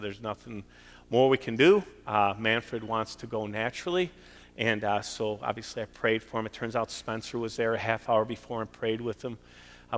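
Middle-aged pastor, earnest pleading sermon delivery, average pitch, long church reverb. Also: male voice, bright, forceful tone. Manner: earnest, pleading preaching with swells of emphasis. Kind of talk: sermon with closing prayer. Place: church sanctuary.

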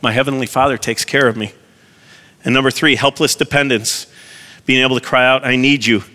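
A man's voice: mid-range voice, steady tone, a little fast, pushed and bright, in a large hall. A man preaching a sermon as pastor, earnest, putting direct questions to his congregation.

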